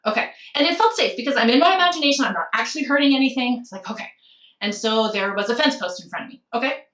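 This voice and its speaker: A woman's voice: a little high, expressive, echoey room, far from the mic. Candid woman telling a painful story. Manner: candid and emotional, with soft laughs and slowed phrases. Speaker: podcast guest. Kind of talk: personal storytelling in a podcast conversation.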